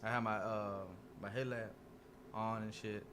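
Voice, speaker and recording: A man's voice: fairly low pitch, flat delivery, measured pace, noisy background. A young man telling a story casually among friends, laid-back, swearing freely and acting out the dialogue. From Dallas area. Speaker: podcast guest telling a story.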